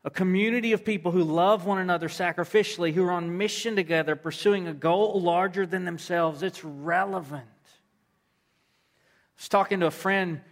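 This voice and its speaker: A man's voice: high voice, moderate pace. A man preaching a sermon, telling a story and repeating phrases for emphasis. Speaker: pastor.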